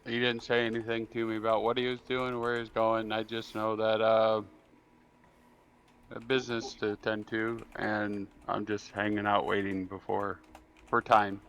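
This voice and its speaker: Deep gravelly man, flat and unsure. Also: normal speed, muffled recording. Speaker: tabletop game player.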